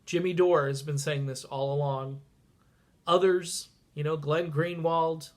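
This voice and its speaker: Stuffy-nosed guy ranting into his vlog cam, kinda high voice, sarcastic, goes quiet then loud. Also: unhurried. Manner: sarcastic, animated, jumps from mutters to outbursts. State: congested, stuffy voice. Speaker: political vlogger. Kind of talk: casual political vlog rant.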